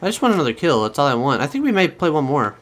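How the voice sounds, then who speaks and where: A man's voice: on the high side, very fast, slight background noise. Foul-mouthed man commentating his gameplay. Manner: profane, excitable, talks to his viewers. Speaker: gaming channel host.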